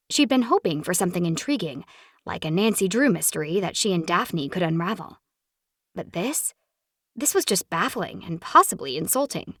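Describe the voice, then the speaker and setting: Brief: woman audiobook narrator, animated and expressive, slightly low voice, dry booth sound. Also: slightly rough, no room sound. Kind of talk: scripted romance narration.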